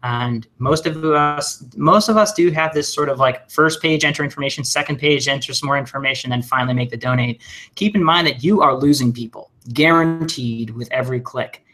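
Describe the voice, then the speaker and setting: A man leads a training webinar in a lively, conversational way. His voice is bright and crisp at a middle pitch. He jokes, uses lots of fillers, and keeps pushing the audience to act. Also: a little fast. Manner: energetic, joking, conversational with many fillers. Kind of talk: recorded webinar lesson.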